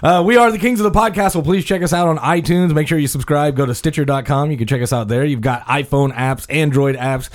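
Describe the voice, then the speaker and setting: A man hosting a casual comedy podcast, laughing often and breaking into loud animated bursts. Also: a little high, fast, few pauses. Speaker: podcast host.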